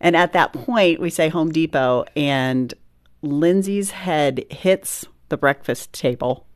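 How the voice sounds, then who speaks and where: A woman's voice: sits low, slow, no echo, studio quality. A middle-aged woman, a mother, telling her story in an earnest, reflective way during an interview and laughing now and then between lines.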